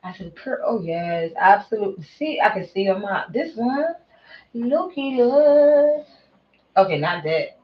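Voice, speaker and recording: A woman talking casually in an excited vlog, exclaiming and trailing off into murmurs. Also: mid-range voice, normal speed, dull audio. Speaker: vlogger.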